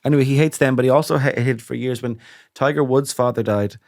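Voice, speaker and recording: A man co-hosting a comedy podcast, telling anecdotes in a dry, deadpan way. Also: medium pitch, fast talker. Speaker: podcast co-host. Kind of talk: casual comedic chat.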